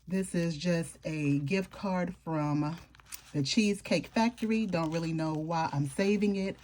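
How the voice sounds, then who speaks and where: A woman's voice: fairly low pitch, a little slow, a little mellow. A woman chatting casually to her viewers as she flips through her planner, informal and talkative, with homey slang. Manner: chatty, informal, talks straight to viewers with southern-style slang. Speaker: planner vlogger. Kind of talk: casual show-and-tell chat.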